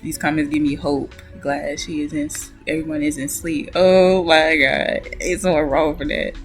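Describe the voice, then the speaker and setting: Blunt, opinionated woman with a low voice. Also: fairly even intonation, a little slow, faint music behind. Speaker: commentary vlogger. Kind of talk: casual reaction commentary.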